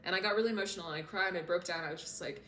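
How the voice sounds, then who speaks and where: Talking to camera in an echoey room with a faint hum beneath her, this woman works as a self-development coach. Her voice is fairly low but sharp in tone, and she races along casually while sounding earnest and emotionally open.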